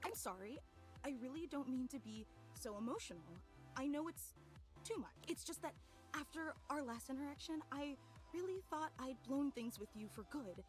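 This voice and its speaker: An overly emotional, clingy fan girl gushes and apologizes in a high, lively voice. She talks in a tearful rush of adoration. Faint music sits under this game dialogue. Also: moderate pace. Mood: gushing. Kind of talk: video game voice acting.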